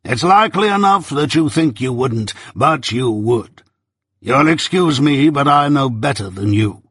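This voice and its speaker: A man with a husky voice voicing a stern, deliberate middle-aged lawyer who questions slowly and emphatically, in a storybook reading. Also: medium pitch, expressive, a bit bright, no echo, studio quality, exaggerated voice. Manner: slow, emphatic cross-examining delivery.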